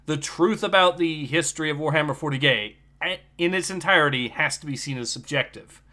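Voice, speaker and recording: Bright-voiced man hosting a livestream chat. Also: on the high side, brisk. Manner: animated, laughing, reads chat comments aloud. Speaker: livestream host. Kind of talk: casual commentary chat.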